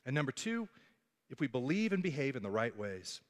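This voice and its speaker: A man's voice: mid-range voice, big pitch swings, fairly quick, in a large hall. A male pastor preaching a sermon, telling the story with animation and acting out the voices of the people in it.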